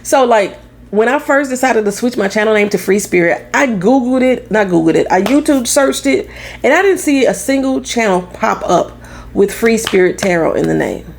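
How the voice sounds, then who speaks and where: A young adult woman from St. Louis, now living in Florida, with a Midwestern accent gone a bit country, talking loud and blunt in a casual tarot vlog, swearing freely. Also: medium pitch, expressive, moderate pace, creaky. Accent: Southern-tinged Midwestern American. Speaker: tarot reader.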